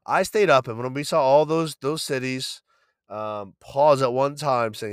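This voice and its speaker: A man's voice: medium pitch, measured pace, smooth, dry recording. A man hosting a podcast, ranting in a heated, profane and emphatic way. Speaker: podcast host.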